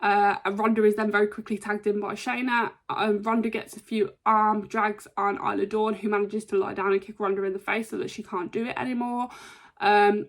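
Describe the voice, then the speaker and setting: A woman casually recapping a wrestling show, chatty with lots of ums and quick impressions. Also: mid-range voice, a bit bright. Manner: chatty, frequent ums, brief imitations of wrestlers.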